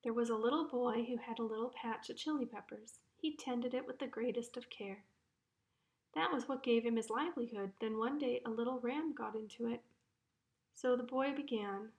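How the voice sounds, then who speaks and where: A woman tells a children's folk tale in a lively storytelling manner. Her voice sits slightly high. The room gives it a clear echo. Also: moderate pace. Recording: roomy echo.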